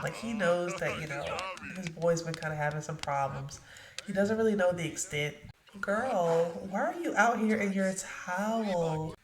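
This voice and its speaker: A woman casually narrating her gameplay, chatting directly to her viewers. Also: on the low side. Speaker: let's play narrator. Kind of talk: casual game commentary. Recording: echoey room.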